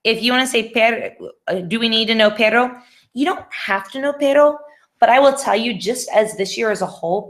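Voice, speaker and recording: A woman's voice: mid-range voice, fairly bright tone. Chatty woman teaching over a video call. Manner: casual, patient, thinks aloud with many ums. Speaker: Spanish teacher. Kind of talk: online class review session.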